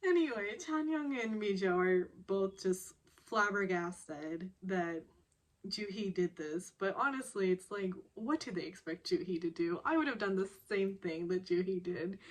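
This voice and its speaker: A woman casually recapping a television drama episode, chatty and laughing often. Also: medium pitch. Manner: chatty, laughs often, animated when quoting characters.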